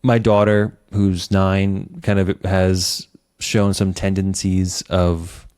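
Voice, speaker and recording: A man's voice: deep voice, level tone, slow, darkish tone, clean tone. A middle-aged man hosting a podcast, a father speaking in a reflective, hesitant way with fillers. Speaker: podcast host. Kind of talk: casual interview chat.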